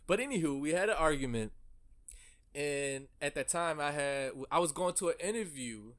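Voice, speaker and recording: Young dude hosting a pod, kinda high voice, bright, loud storytelling, laughs a lot. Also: male voice, normal speed. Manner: animated, profane, laughs through the story. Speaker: podcast host. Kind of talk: casual storytelling chat.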